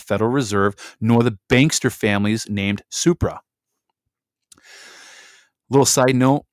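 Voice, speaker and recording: A middle-aged man from Michigan, reading documents aloud slowly with emphasis and breaking into casual chatty asides as a host. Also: fairly low pitch, no room sound, clean studio sound. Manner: reads slowly with emphasis, then chats in asides.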